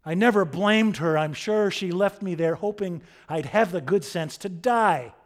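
A man's voice: high voice, measured pace, pitched above the performer's own voice. A man acting out a scornful tavern kitchen maid in a sermon, declaiming her lines with passion. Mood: bitter, pleading. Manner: impassioned, declaiming, bitter.

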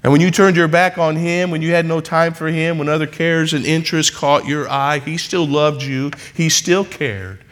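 A man's voice: on the high side, steady tone, normal speed, few pauses, fairly bright tone. A man preaching a sermon in church, building repeated refrains that rise into emphatic passages. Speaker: pastor.

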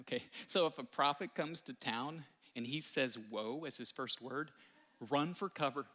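A man preaching a sermon in a lively, conversational way, full of fillers and quick asides. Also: mid-range voice, long reverb tail. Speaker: pastor.

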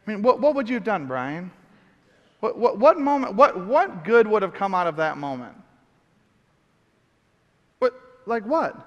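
A middle-aged man preaching, telling a story with lively acted-out outbursts. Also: sits high, in a large hall. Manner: animated storyteller, acts out shouts. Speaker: pastor. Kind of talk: sermon storytelling.

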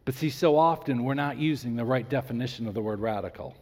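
A man preaching a sermon as a pastor, animated when he acts out his stories and slowing right down for emphasis. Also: mid-range voice. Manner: animated storytelling, acts out the people in his story; slows down and drops to near whisper for emphasis. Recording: long hall reverb.

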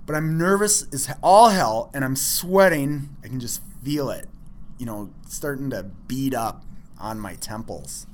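A man telling a personal story in an animated, self-deprecating way with many fillers. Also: mid-range voice, slight background noise.

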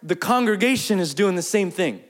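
Man, pastor, sermon storytelling, high voice, animated delivery. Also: moderate pace. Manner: lively, animated storytelling with acted-out quotes.

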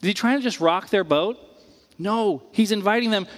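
High-voiced male pastor in a reverberant hall. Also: normal speed. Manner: casual and animated, acts out quoted voices, many "like"s. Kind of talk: conversational sermon.

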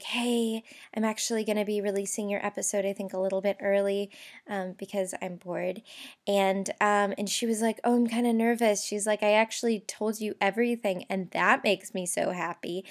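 Bubbly woman podcast host. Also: medium pitch. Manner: bubbly, gushing, many fillers. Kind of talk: casual chat. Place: bathroom, blanket over her head.

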